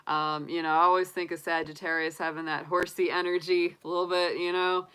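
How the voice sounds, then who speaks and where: A woman reads tarot cards in a relaxed, chatty livestream. She talks in an upbeat way and fills her sentences with ums and you-knows. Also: on the low side, a little fast, clear, resonant tone, rough recording. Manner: chatty, upbeat, filler-heavy. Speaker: tarot reader. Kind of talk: casual livestream reading.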